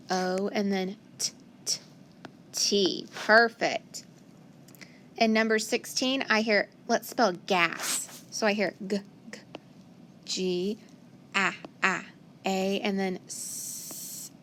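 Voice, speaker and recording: Slow, patient woman teaching phonics. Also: on the high side, pushed and bright, slight background noise. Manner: slow, patient, encouraging, sounding out letters. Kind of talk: phonics lesson for young children.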